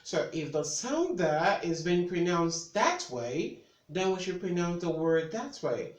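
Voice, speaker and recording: A man teaching pronunciation in an online lesson, speaking slowly and repeating each word several times. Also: high-pitched, sing-song. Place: room with a board. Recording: echoey room.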